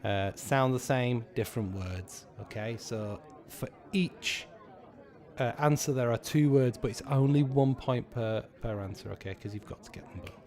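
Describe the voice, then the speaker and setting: A man in his thirties hosting a live pub quiz, chatty and sweary, repeating each question slowly. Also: medium pitch, a little mellow.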